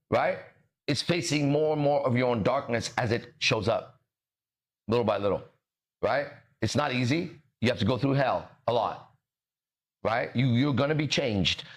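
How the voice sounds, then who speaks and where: A man hosting a motivational talk, emphatic and preachy, who swears and stumbles over words as he explains. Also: medium pitch. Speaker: podcast host. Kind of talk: motivational conversation.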